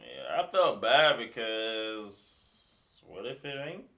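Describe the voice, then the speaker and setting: A woman's voice: a bass voice, sing-song, slow, a bit bright. A woman co-hosting a casual chat, mostly chiming in with short reactions. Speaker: co-host.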